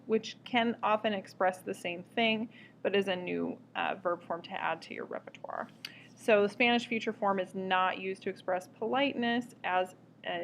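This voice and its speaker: A woman teaching a recorded grammar lesson, explaining step by step in a clear, patient way. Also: mid-range voice, slight background noise. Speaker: Spanish teacher.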